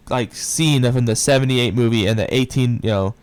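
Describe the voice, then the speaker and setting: A man talks through a film scene by scene in a loose, casual review. His voice is smooth and clean, his pitch sits in the middle, and he gets worked up and swears freely as he retells it. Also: normal speed. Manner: excitable retelling, swears often. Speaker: movie reviewer.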